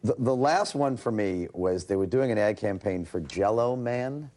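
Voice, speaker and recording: A man in his forties, a talk show guest, telling animated stories in a casual chat. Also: on the low side, moderate pace. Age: 40s. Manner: animated storyteller, slips into voices. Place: television studio.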